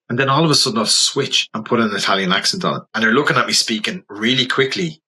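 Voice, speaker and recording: Man, Dublin accent, low husky voice, forceful delivery, animated storyteller, casual interview guest. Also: fast, hardly any pauses, rough recording. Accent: Dublin Irish. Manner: animated, anecdotal, slips into quoted voices. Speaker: portrait photographer guest.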